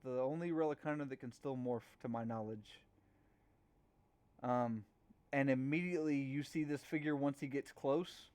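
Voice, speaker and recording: A man narrating a tabletop game as game master in a halting way, with many fillers and restarts. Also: mid-range voice, darkish tone.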